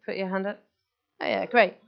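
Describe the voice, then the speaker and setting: A woman speaking to a gathered audience in a keen, conversational way, often breaking off and restarting her thoughts. Her voice sits at an ordinary middle pitch. The recording is dull and lo-fi. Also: fairly even intonation, gravelly. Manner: enthusiastic, chatty, quick restarts. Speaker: guest speaker. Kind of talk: live talk to an audience. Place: meeting room with audience.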